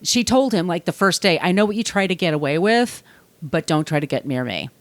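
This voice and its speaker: A woman's voice: lowish voice, lively intonation, brisk, no room sound. A woman co-hosting a casual podcast, talking bluntly and sarcastically with plenty of swearing. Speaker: podcast co-host.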